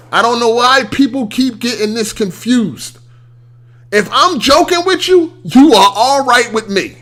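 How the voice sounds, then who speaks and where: A man's voice: sits high, a bit bright. A young man hosting a podcast, ranting in a heated, casual way, swearing and repeating his points for emphasis. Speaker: podcast host.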